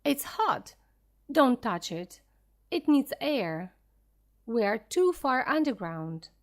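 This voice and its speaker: A woman's voice: fairly high pitch, very animated, heavily acted. Woman reading as an eager old professor. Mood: urging. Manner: eager, explaining slowly and clearly. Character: excited elderly male professor explorer.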